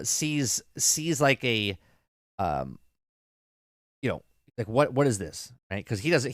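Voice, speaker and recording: A man's voice: mid-range voice, dry recording, clean studio sound. A man in his thirties casually retelling a TV episode, rambling with lots of fillers. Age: 30s. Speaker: show reviewer.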